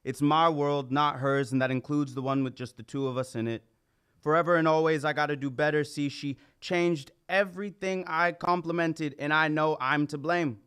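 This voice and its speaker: A man performing spoken word poetry at an open mic, quiet and earnest, building to a pleading intensity. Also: fairly high pitch, fairly even intonation, normal speed, clean tone. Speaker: poet.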